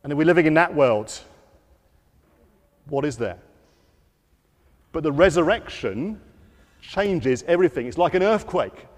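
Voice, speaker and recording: A man giving an all-age church talk, telling the story in a lively way to children and acting out the quotes. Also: fairly high pitch, unhurried, long pauses, long reverb tail. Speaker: preacher. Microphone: wearing a microphone.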